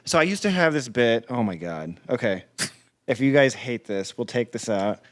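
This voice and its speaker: A man's voice: mid-range voice, lively intonation, moderate pace. A man, a comedian guest on a podcast, telling stories in casual chat, rambling with many restarts and frequent swearing.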